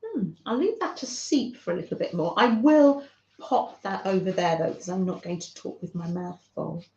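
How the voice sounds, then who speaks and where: A woman hosting a craft channel, chatting gently and fondly with viewers on a livestream. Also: on the low side, animated, moderate pace, echoey room, muffled recording. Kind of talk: casual livestream chat with viewers.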